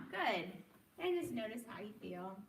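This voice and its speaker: A woman leading a group wellness class, explaining calmly and encouraging people to join the exercises. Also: a little high, very noisy. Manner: encouraging, demonstrates loud shouts. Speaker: workshop leader. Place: room with a group. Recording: echoey room, from far off.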